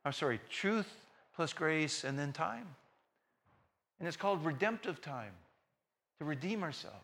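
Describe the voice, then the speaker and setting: A middle-aged male pastor preaching through family stories, his voice fairly high and bright with a forceful edge. He drops into joking asides and swings between loud and quiet. The delivery stays animated and personal. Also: measured pace. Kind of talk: sermon.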